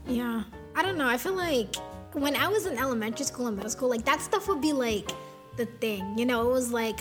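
A teenage girl with a fairly high voice talks in a loose, chatty way on a student podcast. She reacts with amused disbelief. Music plays clearly underneath her. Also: lively intonation. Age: teens. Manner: chatty, incredulous, quick to react. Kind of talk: casual chat. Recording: music playing under the talk.

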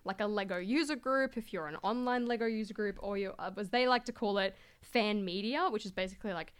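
A woman's voice: mid-range voice, brisk, clear, resonant tone. A young Australian woman chatting as a podcast guest, filling her speech with "like" and acting out what people said to her. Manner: chatty, fills every phrase with "like", acts out quoted voices. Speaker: guest, LEGO content creator. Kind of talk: casual podcast chat.

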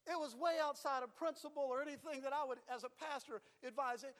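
A man's voice: very high voice, fast talker, hardly any pauses, fairly bright tone, in a large hall. A man preaching a sermon as pastor, emphatic and repetitive, moving into storytelling. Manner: emphatic preaching with repeated phrases, dropping to storytelling.

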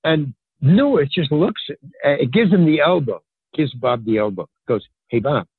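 An older man telling a rambling story as a podcast guest, acting out the people in it with lively jumps in his voice. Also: a little slow, slightly rough, dry recording. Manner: animated, acts out quoted dialogue with pitch jumps; rambling, filler-heavy, restarts sentences. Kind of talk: casual anecdotal storytelling. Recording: tinny phone-line sound, dry.

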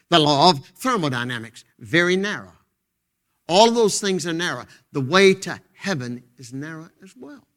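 A fervent male pastor delivers a sermon from a church pulpit, his voice pitched high and ringing bright. He shifts between loud, emphatic proclamations and hushed, intense passages, and he drives his points home through repetition. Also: very animated, moderate pace.

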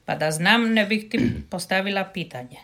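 A playful girlfriend character, read by a woman in a recorded lesson dialogue. The voice sits in an ordinary middle pitch for a woman. The delivery is clear and unhurried, at natural speaking speed. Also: lively intonation, fairly bright tone. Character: woman reading a girlfriend's lines, lighthearted.

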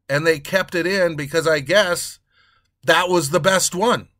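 A man hosting a casual talk show, ranting in a crude, sarcastic, animated way. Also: on the high side, normal speed, no room sound, clean studio sound. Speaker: podcast host.

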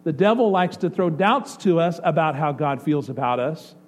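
A male pastor preaching a sermon, swinging between excited outbursts and soft, hushed passages. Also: fairly high pitch, normal speed. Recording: faint mains hum. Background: faint electrical hum.

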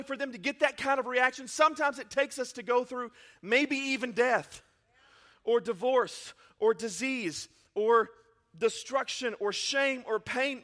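A man preaching a lively sermon as pastor, acting out Bible scenes in playful voices. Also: very high-pitched. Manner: energetic, acts out Bible scenes in character voices.

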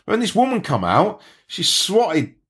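A man hosting a banter podcast, telling crude travel stories in a rowdy way. His voice sits a little high and his pitch leaps all over the place. He keeps slipping into quick impressions of the people he talks about. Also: wildly swooping pitch, fairly bright tone. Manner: rowdy storytelling with quoted voices. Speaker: podcast host. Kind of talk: crude banter between friends.

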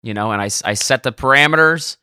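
A man from Detroit talks in a loose, rambling way and keeps correcting himself mid-story. His voice is bright and forward. It is a casual podcast chat among caddies. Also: medium pitch, quick pace, clean tone.

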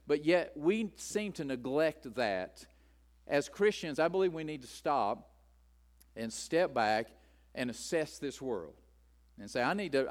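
A man preaching a sermon, speaking emphatically and building his points through repetition. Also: medium pitch. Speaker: pastor.

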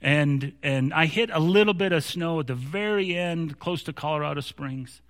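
Pastor guy preaching, kinda high voice, tells stories and gets worked up, restarts a lot. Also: moderate pace, long reverb tail. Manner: storytelling with growing animation, many restarts. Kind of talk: sermon.

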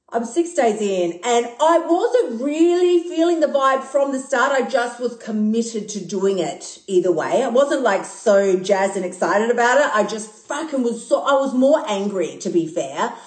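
An Australian woman hosting a casual live podcast as an emotional eating coach, blunt and animated, swearing freely and laughing at herself. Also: mid-range voice, echoey room. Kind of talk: casual live-stream monologue. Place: recorded live on a phone stream. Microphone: phone mic.

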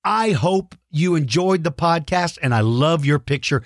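A man hosting a children's podcast, reading listener shout-outs in an enthusiastic, exclamatory way. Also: a little high, animated, a little slow, dry recording, studio quality. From Texas. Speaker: podcast host.

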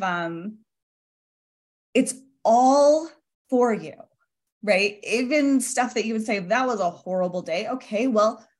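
A woman in her forties speaks as a podcast guest in an earnest, reflective way. She laughs easily and talks in a loose, conversational flow. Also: mid-range voice. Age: 40s. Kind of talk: casual interview talk.

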